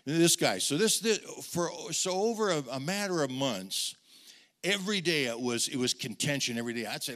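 Speaking at a normal speed in a slightly high voice, a middle-aged pastor tells stories through an animated sermon. He frequently repeats words and talks straight to his congregation.

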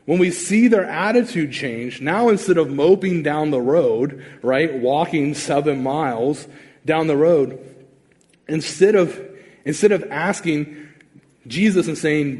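A man's voice: a little high, unhurried. A man preaching a sermon as pastor, casual and conversational, acting out the voices in the stories he tells. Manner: animated, conversational, acts out quotes. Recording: long reverb of a large hall.

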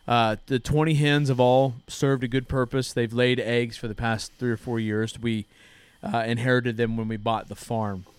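A man's voice: medium pitch, level tone, moderate pace, few pauses, smooth, dry recording. A man in his thirties hosting a church podcast, telling a story in a casual, earnest way. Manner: earnest storytelling, frequent restarts. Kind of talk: casual chat.

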